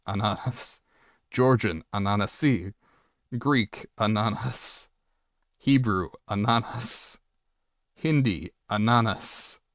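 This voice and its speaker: A man's voice: lowish voice, a bit bright, no echo, studio quality. A man chatting casually on a live stream, reading chat aloud and answering with swearing and laughter.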